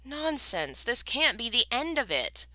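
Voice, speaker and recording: A woman's voice: fairly high pitch, big pitch swings, a little slow, sharp tone, dry recording, voice pushed up, exaggerated voice. A woman reading a book aloud and voicing a desperate man who pleads urgently for his family's lives. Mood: alarmed.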